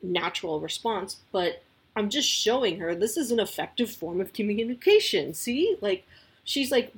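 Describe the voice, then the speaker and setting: Casting: breathy woman in her thirties, casual podcast host, rambling and friendly. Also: mid-range voice, very animated, moderate pace. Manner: chatty, lots of likes and you-knows. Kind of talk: casual advice talk.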